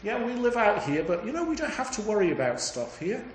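A woman's voice: medium pitch, very animated, fairly quick, voice pushed up, lightly acted. A man voicing a contented peasant wife who speaks in a homely, reassuring way, in an echoey room.

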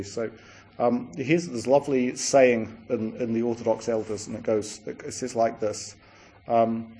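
A man's voice: medium pitch, a little mellow. A man preaching a sermon as a rambling storyteller, with many restarts and asides.

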